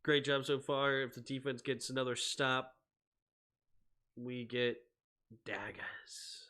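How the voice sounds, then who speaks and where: A young man hosting a live sports stream, mixing casual chat with excitable football play-by-play that climbs to shouting on big plays. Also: medium pitch, measured pace, smooth.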